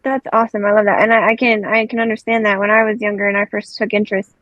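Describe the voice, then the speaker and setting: A woman's voice: mid-range voice, level tone, fast, a bit bright, dry recording. A woman hosting a podcast, chatting casually and responding with enthusiasm. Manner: enthusiastic, affirming. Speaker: podcast host. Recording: dull dry remote audio.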